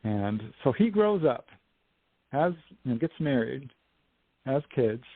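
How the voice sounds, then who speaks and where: A man as an interview guest telling a story in a casual, animated way, acting out what people said, over a dry phone line. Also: mid-range voice, slow pace, breathy edge, dry recording. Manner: animated storyteller, acts out quotes. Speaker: guest, UFO investigator and author.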